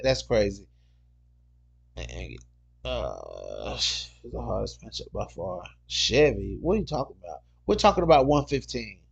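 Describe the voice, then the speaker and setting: A man hosting a casual MMA livestream, reading viewer comments aloud and talking in an excitable, slangy way that loops back on the same point. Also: medium pitch, dull audio. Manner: excitable, repeats himself, slangy.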